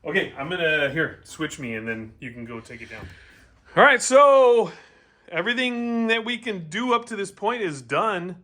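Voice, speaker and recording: A man hosting a casual bike build vlog, excitable and joking, often stammering and restarting his sentences in a home workshop. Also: sits high, normal speed. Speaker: channel host.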